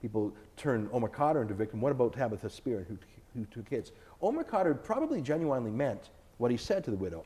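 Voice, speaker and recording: A man giving a sit-down interview speaks in a combative, insistent way. His pitch swings widely as he presses each point. His tone is dark and mellow. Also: very animated, fast talker, hardly any pauses. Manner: emphatic, combative, argumentative. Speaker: author and TV host, interview guest. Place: indoors, filmed interview.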